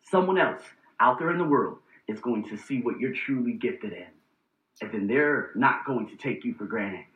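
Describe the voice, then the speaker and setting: Male vlog host, animated and profane storyteller; lo-fi, roomy recording. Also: mid-range voice, normal speed. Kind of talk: casual personal vlog monologue.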